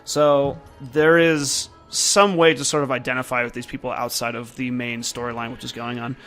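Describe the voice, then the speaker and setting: A man's voice: mid-range voice, level tone, normal speed, fairly bright tone, soft background music. A young man giving casual, rambling commentary while playing a video game and reading its dialogue aloud. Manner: casual and rambling, with many fillers. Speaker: game reviewer.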